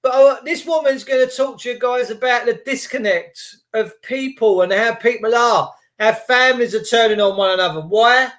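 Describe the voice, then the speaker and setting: A man ranting casually to his viewers, acting out little scenes in quick put-on voices, slangy and swearing. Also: extremely high pitch, fairly bright tone. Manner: slangy, swears, rhetorical questions. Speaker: video host.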